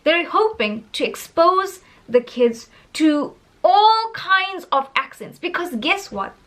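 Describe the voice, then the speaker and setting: Emphatic South African woman vlogging, high-pitched and bright, in her thirties. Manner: animated, emphatic, laughs often. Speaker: English teacher in Korea. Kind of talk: casual opinion vlog.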